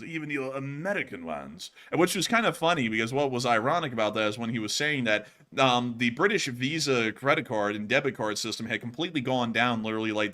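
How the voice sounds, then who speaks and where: A young man with a Southern accent talks through viewer questions in an easygoing, rambling way, doubling back on his words. His voice is bright and carries forward. He sounds like a casual show co-host from Alabama. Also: medium pitch. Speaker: co-host of a war news show. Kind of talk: casual chat answering viewer donations.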